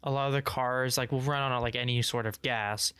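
A young man co-hosting a casual podcast, rambling with lots of "like" and restarts while explaining things he's excited about. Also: medium pitch, fairly quick, clean tone, no room sound. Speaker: podcast co-host. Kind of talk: casual chat.

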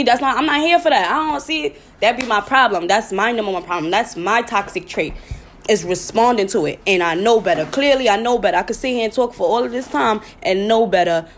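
Woman podcaster, blunt, profane, casual live talk, mid pitch. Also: slight background noise. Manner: blunt, profane, chatty, with sudden laughing outbursts. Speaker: podcast host.

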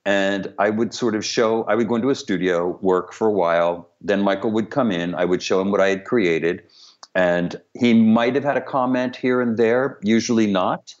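Low-voiced man on a lo-fi call. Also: fairly even intonation, moderate pace. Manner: candid, humorous, reflective. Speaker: director and choreographer guest. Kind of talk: remote interview, candid storytelling. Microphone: video call. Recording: dull lo-fi call audio.

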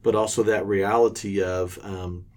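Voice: low voice, fairly even intonation, unhurried. A podcast host guiding a faith conversation, asking questions and affirming the guests' answers. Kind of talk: hosting a faith talk show.

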